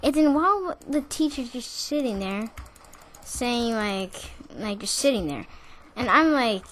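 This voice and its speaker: Slow, bright-voiced young woman rambling a story. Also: on the high side, lively intonation, a little hiss or hum. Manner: rambling, full of "like" and restarts, with bursts of laughter. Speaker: student telling a school story. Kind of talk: casual storytelling.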